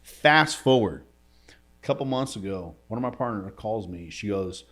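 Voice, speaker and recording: A man telling an emotional story in a podcast interview, casual and slangy, often dropping to a quiet voice. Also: lowish voice, expressive, moderate pace. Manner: casual slangy talk, says bro and dude. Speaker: entrepreneur guest.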